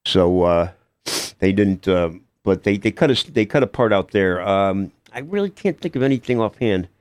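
An older man, an actor guest in a casual radio interview, talking haltingly with lots of fillers and restarts. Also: on the low side, lively intonation, smooth, no echo.

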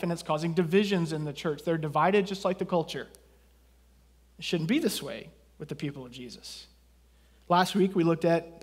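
A man from southeast Texas preaching a sermon as pastor, in a conversational way with jokes and asides. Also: high voice.

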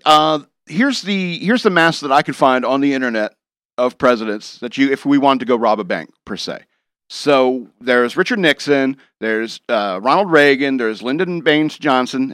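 A man's voice: mid-range voice, a bit bright, no room sound, studio quality. A man rambling through a wry, jokey monologue as a show host, chuckling now and then.

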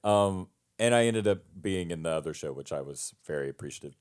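A man's voice: low-pitched, animated, fairly quick, clean tone. A man on a headset mic, telling a rambling, self-deprecating story in casual chat and laughing often.

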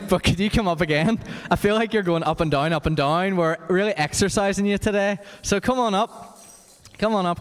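Energetic man leading a church kids' quiz. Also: high-pitched, smooth. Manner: energetic, encouraging, talks to a crowd. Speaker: children's worship leader running a quiz. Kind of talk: lively church address to children. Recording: echoey church hall.

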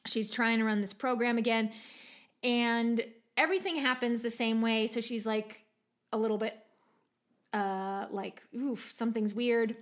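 A woman's voice: on the high side, fairly even intonation, measured pace. A woman recapping a TV episode in casual chat, talking loosely with lots of "like" and frequent laughs. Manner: chatty, many filler "like"s, laughs often. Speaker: podcast co-host recapping a TV episode.

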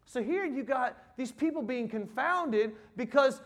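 A man in his seventies with a Southern US accent, preaching a sermon in a folksy, animated way and doing playful impressions. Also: very high-pitched, a little slow. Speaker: pastor.

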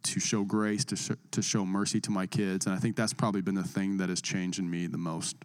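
A man's voice: low-pitched, level tone, fairly quick, smooth. A man talking earnestly and thoughtfully about parenting in casual chat. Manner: earnest, thoughtful, slightly rambling. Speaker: parent and co-host.

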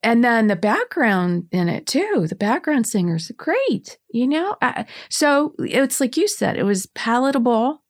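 A woman's voice: a little high, big pitch swings, a little slow, few pauses, no room sound. A woman in her sixties telling stories as a guest in casual conversation, chatty and laughing often, with many restarts. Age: 60s.

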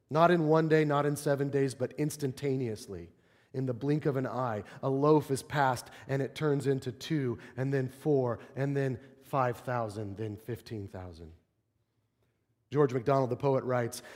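With a long large-hall reverb around him, a male pastor delivers a sermon at a measured pace in a medium-pitched voice. He tells stories with animation, performing the quotes he brings in.

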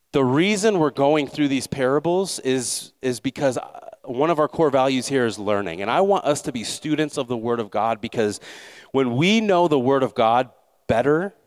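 A male pastor gives a conversational Sunday sermon in church in a slightly high voice, leading a prayer and asking the congregation to repeat after him.

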